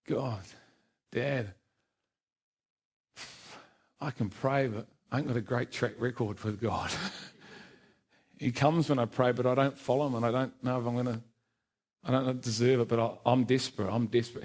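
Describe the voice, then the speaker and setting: A man's voice: mid-range voice, steady tone, normal speed, pauses often, darkish tone. A middle-aged man gives his personal testimony in church, telling it as a self-deprecating story and acting out the lines of the people in it. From New Zealand. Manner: self-deprecating storyteller, laughs often, acts out quoted dialogue. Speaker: church speaker giving testimony. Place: church service.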